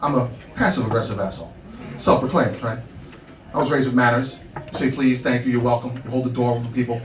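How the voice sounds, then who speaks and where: In a small comedy club, a Long Island man in his thirties rattles through brash, self-deprecating stories in a steady, mid-range voice, talking fast. Background noise, a loud crowd, and roomy, distant sound fill the recording.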